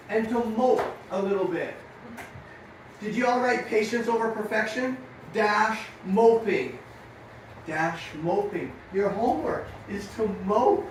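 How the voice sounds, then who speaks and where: A middle-aged man giving an energetic motivational talk to young riders as their coach, telling stories and acting out the dialogue. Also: high-pitched, background noise. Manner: energetic, storytelling, acts out dialogue. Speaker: riding coach. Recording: echoey room, far from mic.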